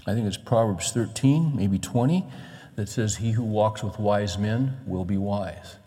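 A man's voice: fairly low pitch, a little slow. Man preaching in a reverberant hall. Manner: animated preaching, acts out quoted voices. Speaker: pastor. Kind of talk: sermon. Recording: long reverb of a large hall.

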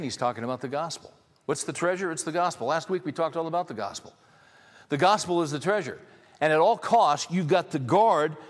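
A man preaching with a fairly high voice, pressing his points hard and repeating key lines for stress. He speaks straight to the congregation in a loose, conversational way. A long reverb trails his words around a large hall. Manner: conversational, addresses the congregation directly. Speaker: pastor. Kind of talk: sermon.

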